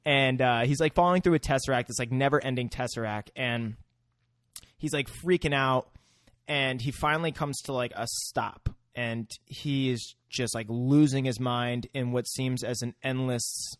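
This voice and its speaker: A podcast co-host with a medium-pitched, steady voice rambles through a film recap on a casual podcast, using lots of fillers and searching for words. He speaks at normal speed, in clean studio sound with no echo.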